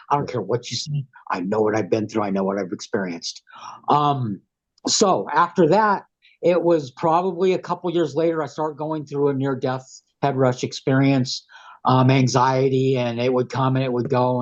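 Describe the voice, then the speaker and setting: Male guest with a cold, husky, plain-spoken rambler, muffled lo-fi line. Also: medium pitch. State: has a head cold. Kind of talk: casual storytelling. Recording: dull, lo-fi sound.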